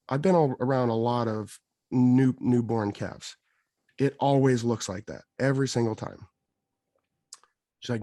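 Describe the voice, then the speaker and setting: A man co-hosting a podcast, telling a long, rambling story in a casual, animated way. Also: medium pitch, moderate pace, vocal fry, no echo. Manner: rambling, animated, quotes others in his telling. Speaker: podcast co-host.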